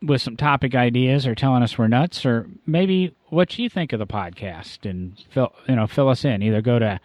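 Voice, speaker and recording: A man's voice: mid-range voice, lively intonation, moderate pace, a little mellow, dry recording. A man hosting a casual car podcast, talking in a rambling, easygoing way with frequent self-corrections. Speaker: podcast host.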